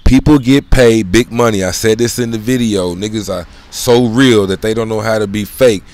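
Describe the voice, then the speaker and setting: A man's voice: fairly low pitch, moderate pace, darkish tone. A man talking alone in a casual, rambling monologue, full of slang and profanity, often checking in with "you know what I'm saying". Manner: profane, conversational. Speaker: solo channel host.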